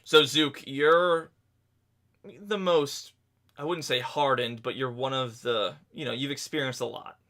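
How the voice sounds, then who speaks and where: A man narrating a tabletop game as game master, telling the scene in a halting, descriptive way. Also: mid-range voice, pushed and bright.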